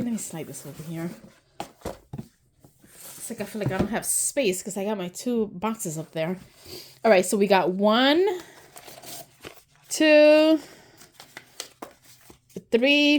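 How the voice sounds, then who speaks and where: A woman hosting an unboxing video, gushing and excited, sometimes dropping to a soft whisper as she opens items. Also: mid-range voice, slow pace, long pauses, a little hiss or hum. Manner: gushing, excitable, often says "so stinking cute". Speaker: unboxing channel host. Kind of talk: casual unboxing narration.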